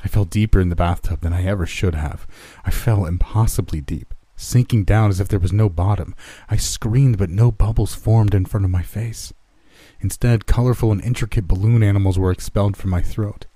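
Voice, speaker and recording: A man narrating a horror story in a measured, dramatic way. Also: fairly low pitch, mellow, breathy edge, dry recording.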